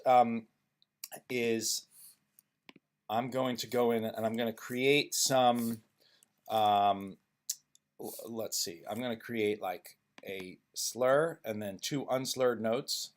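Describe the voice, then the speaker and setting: A man presenting a music software tutorial, thinking aloud with frequent ums and restarts as he works. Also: medium pitch, takes it slowly. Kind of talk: screen-recorded software tutorial.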